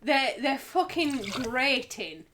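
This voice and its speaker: A woman's voice: sits high, big pitch swings, slow pace, a crowd in the background. A woman with a Yorkshire accent in casual chat on a stream, laughing often and swearing freely. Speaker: stream guest.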